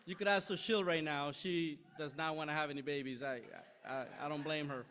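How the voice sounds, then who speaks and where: A middle-aged man preaching a sermon, telling a story with lively asides and frequent "right?" checks to the room. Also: fairly high pitch, brisk, a little hiss or hum. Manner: animated, self-deprecating anecdote with frequent "right?" asides. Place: church sanctuary.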